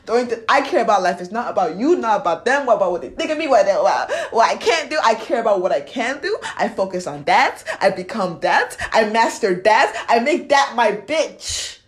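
A young woman with a fairly high voice delivers a motivational vlog monologue. She talks bluntly and swears freely. She swings between loud, fired-up ranting and low, quiet confession. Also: very animated, a little fast, few pauses. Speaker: vlogger.

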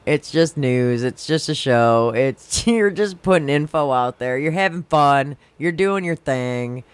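A man co-hosting a casual podcast chat, swearing, laughing often and dropping quick agreements. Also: fairly high pitch, animated, clear, resonant tone, dry recording. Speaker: podcast co-host and creator.

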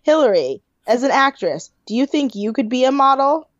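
A woman's voice: high voice, big pitch swings, moderate pace, dry recording, highs cut off. A young woman co-hosting a podcast, chatting casually and laughing often. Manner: giggly, frequent laughter. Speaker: podcast co-host. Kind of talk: casual chat recapping a reality show.

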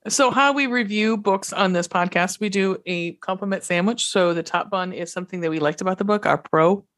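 A woman co-hosting a book podcast, talking in a relaxed, chatty way. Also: medium pitch, a little fast. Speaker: podcast co-host. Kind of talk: casual book review chat.

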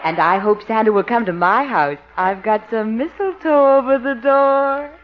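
A woman's voice: on the high side, normal speed, close to an everyday voice. An actress playing a sweet, doting young girlfriend in a 1940s radio comedy, with a cooing, sugary manner. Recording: dull old radio recording, faint hiss.

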